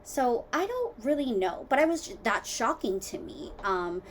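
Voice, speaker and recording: A woman hosting her own podcast from home, rambling casually through tangents with lots of fillers, jumping between loud exclamations and quiet muttered asides. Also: on the high side, sing-song, normal speed, slight background noise. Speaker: podcast host. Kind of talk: casual solo podcast chat.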